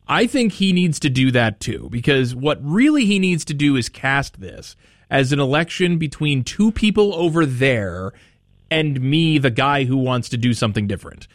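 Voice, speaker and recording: A man's voice: mid-range voice, animated, normal speed, no echo. A man hosting a talk radio show, musing casually aloud with plenty of fillers and restarts, speaking into a studio microphone. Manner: conversational, musing, loose with fillers.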